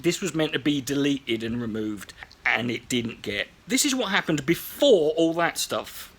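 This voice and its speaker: A man's voice: mid-range voice, a little slow, breathy edge. A man delivering sarcastic, profane comedy commentary as host of his own show. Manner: profane, mocking, animated.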